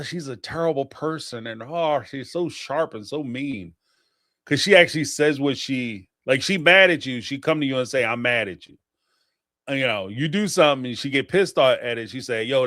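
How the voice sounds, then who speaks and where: A man hosting a show where he reacts to listener voicemails, talking in slangy, animated casual commentary and laughing often. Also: medium pitch, no room sound, clean studio sound. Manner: animated, laughing, slangy, talks back to the people he discusses.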